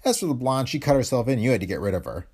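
A man's voice: mid-range voice, very animated, rapid-fire, darkish tone, slightly rough, pitched above the performer's own voice. A man voicing a weary, hard-boiled detective laying out his accusations in an audiobook reading. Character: tough, weary male private detective.

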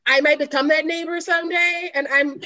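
A woman's voice: high voice, steady tone, a little fast, sharp tone, dull audio. A woman from Kansas City, Missouri, chatting casually about a film on a podcast, laughing often and acting out the voices she quotes. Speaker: podcast panelist.

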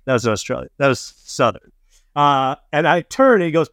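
A man's voice: fairly high pitch, lively intonation, fairly quick, fairly bright tone, no echo. Man, comedian, casual chat, rambling, profane, stammering restarts, dry close sound. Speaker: comedian and film director, podcast guest.

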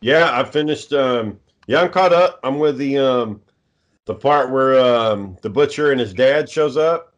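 A man's voice: mid-range voice, measured pace, highs cut off. A man chatting casually with friends, rambling and swearing freely, with lots of ums and restarts. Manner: rambling, profane, many fillers. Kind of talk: casual chat.

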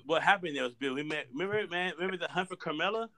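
A man's voice: fairly high pitch, rapid-fire, pushed and bright. A man co-hosting a casual podcast chat, telling loose, crude, joking stories. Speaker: podcast co-host.

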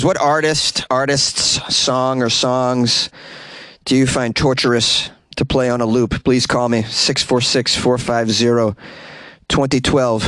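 A man's voice: mid-range voice, a bit bright, no echo. Wisecracking man podcasting from a closet. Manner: wisecracking, stumbles over foreign words. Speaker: comedian podcast host. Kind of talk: casual comic monologue. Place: small closet.

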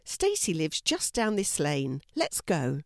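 A woman's voice: deep voice, huge pitch swings, slow pace, creaky, no room sound, clean studio sound, exaggerated voice. A woman reading a storybook, voicing a cheerful, helpful young girl in a raised, eager voice. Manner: bright, eager, friendly.

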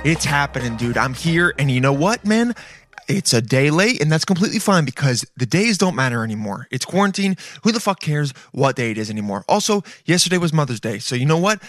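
A male podcast host delivers a casual, rambling comedic monologue in a higher, sing-song voice with a fairly bright tone, talking fairly quickly. He's chummy and profane, swearing freely and calling listeners "dude" a lot. There's no room sound, just faint music behind him.

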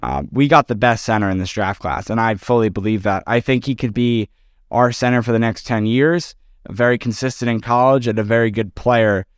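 A man's voice: medium pitch, brisk, clean tone, no echo, clean studio sound. A tired man co-hosting a casual sports podcast, giving analysis with many fillers. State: tired, yawning. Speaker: podcast co-host.

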